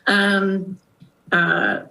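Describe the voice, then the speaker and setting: A woman executive speaking on a call, halting and hesitant with frequent pauses and restarts. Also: medium pitch, little pitch movement, vocal fry, pushed and bright. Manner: halting, many fillers and restarts. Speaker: company executive. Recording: roomy call audio.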